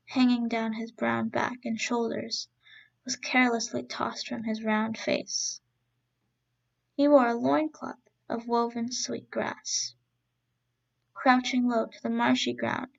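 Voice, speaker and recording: A woman reading a traditional story aloud in slow, deliberate phrases. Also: a little high, gravelly, muffled recording.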